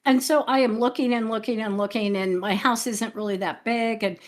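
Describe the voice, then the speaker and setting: A woman's voice: a little high, fairly quick. A woman hosting an astrology livestream, explaining forecasts and telling stories with lots of laughter. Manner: animated storyteller, laughs often. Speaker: astrologer and show host. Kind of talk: livestream talk show chat.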